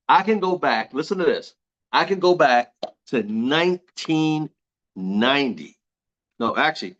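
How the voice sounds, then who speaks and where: A man's voice: medium pitch, lo-fi sound. A man giving a motivational talk to an audience, emphatic and repeating his key phrases, asking the crowd questions. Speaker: motivational speaker.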